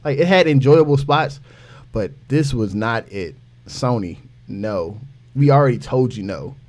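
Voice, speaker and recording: A young man on a casual podcast, ranting in an animated way and saying "like" a lot. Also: mid-range voice, measured pace. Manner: animated, ranting, heavy use of "like". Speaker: podcast co-host.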